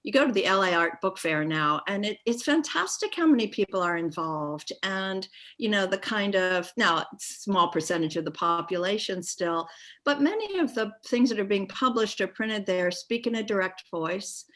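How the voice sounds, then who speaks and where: A woman's voice: mid-range voice, expressive, normal speed, fairly bright tone. A woman moderating an art panel discussion, thinking aloud with many restarts and "you know"s.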